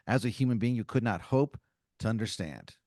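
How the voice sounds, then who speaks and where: A man voicing a smooth, lofty male god who speaks in calm, grand, mysterious terms in an improvised comedy scene. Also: fairly low pitch, fairly quick, no echo, studio quality, close to an everyday voice. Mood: scheming.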